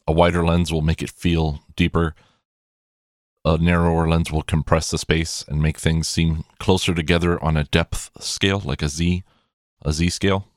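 Deep-voiced rambling man. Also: dry recording, clean studio sound. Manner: rambling, hesitant, with many restarts and fillers. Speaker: movie collection reviewer. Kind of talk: casual video commentary.

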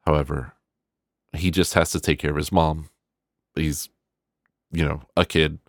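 Man, very low voice, casual film review, rambling and profane, dry close sound. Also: a little slow, no room sound. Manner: rambling, profane, animated quoting of characters.

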